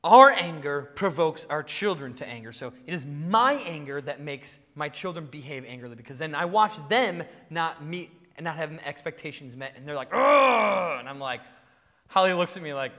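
A man in his thirties preaching a sermon, telling animated stories about his kids and acting out yelling at them. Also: fairly high pitch, moderate pace, in a large hall. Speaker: pastor.

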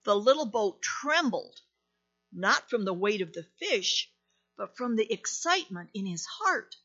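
A woman reading a story aloud in a gentle, deliberate manner with dramatic pauses. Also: medium pitch, very animated, slightly rough, highs cut off.

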